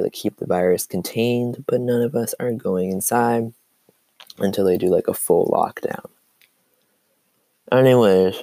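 A man's voice: on the low side, gravelly, warm tone, no room sound. A teenage boy hosting a casual solo podcast, rambling with lots of "like" and "um", his voice cracking through a cough. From Seattle area. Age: teens. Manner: rambling, full of "like" and "um". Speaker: podcast host.

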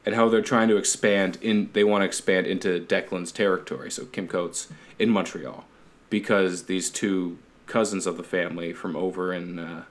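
A man's voice: low-pitched, fairly even intonation, normal speed. A Canadian man co-hosting a casual chat, rambling, swearing and laughing as he recommends a show. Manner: rambling, swearing, laughs often, tries silly accents. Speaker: podcast co-host.

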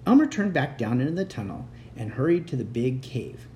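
Man, bedtime storyteller, expressive read-aloud, animated pitch, faint noise behind. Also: fairly quick. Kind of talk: reading a children's book aloud.

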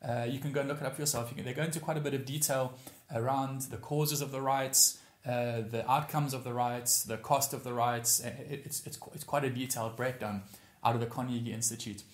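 A pastor delivers his sermon with emphasis, circling back to repeat his key lines. His voice sits at an ordinary middle pitch for a man. The sound carries the roomy echo of a hall. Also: steady tone, fairly quick.

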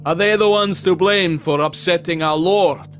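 A man's voice: high voice, moderate pace, faint music behind, voice pushed up, lightly acted. A man voicing a well-dressed middle-aged village man who urgently demands that a girl be handed over. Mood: accusing. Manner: urgent, demanding, raised pleading voice.

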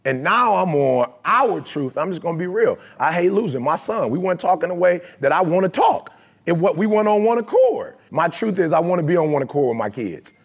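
Man, husky, raspy, emphatic motivational speaker, casual slang. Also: sits high, very animated, fairly quick. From Detroit, USA. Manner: emphatic, conversational, streetwise slang. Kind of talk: motivational talk to a live audience.

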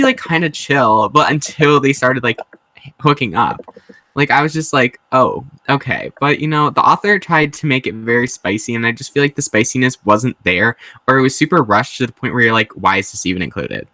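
A man's voice: mid-range voice, lively intonation, normal speed, pushed and bright, no room sound. A man in a casual book discussion, bemused and hesitant, saying "like" often. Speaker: book club member.

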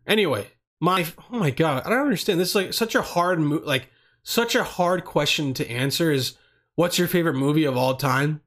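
A young man talks on his own in a loose, rambling way, swearing freely and restarting his sentences. His voice sits a little higher than most men's. He sounds relaxed and chatty. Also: normal speed. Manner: rambling, profane, laid-back. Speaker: vlogger answering questions. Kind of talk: casual monologue.

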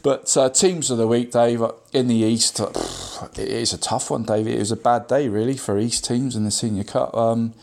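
A man's voice: medium pitch, normal speed, creaky, hardly any pauses, darkish tone. A man giving a casual local football results roundup, constantly saying "mate" with frequent ums and restarts.

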